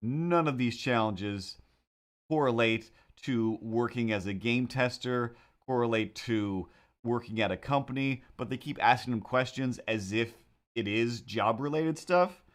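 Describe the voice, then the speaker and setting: A man's voice: mid-range voice, a little slow. A man hosting a drawing livestream, chatting casually in a rambling, sarcastic way with frequent restarts. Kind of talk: casual chat.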